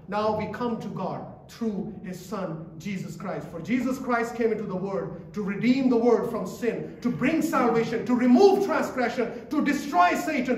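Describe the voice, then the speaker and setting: A man's voice: high-pitched, lively intonation, normal speed, hardly any pauses. A man preaching a sermon in a church, emphatic and repetitive, quizzing the congregation as he goes. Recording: echoey church from a distance.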